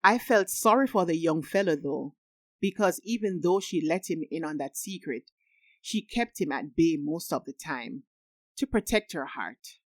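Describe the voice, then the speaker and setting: Low-voiced woman reading an audiobook. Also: expressive, normal speed, no echo. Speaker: audiobook narrator. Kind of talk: first-person audiobook narration.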